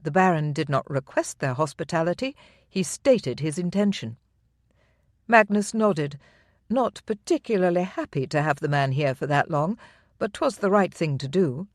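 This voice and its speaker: An audiobook narrator reading a historical romance in measured, even storytelling. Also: mid-range voice, no room sound, clean studio sound. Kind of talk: scripted narration.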